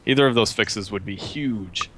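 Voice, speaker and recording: A man on a casual gaming podcast, complaining in an animated way and laughing between points. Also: lowish voice, normal speed, a little hiss or hum.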